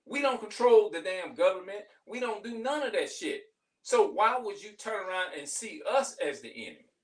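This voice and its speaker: Man, middle-aged, venting vlog, profane, rambling, slightly high voice, distant mic. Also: very animated, moderate pace. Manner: heated, profane, rambling, repeats himself. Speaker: vlogger. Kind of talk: venting monologue to camera.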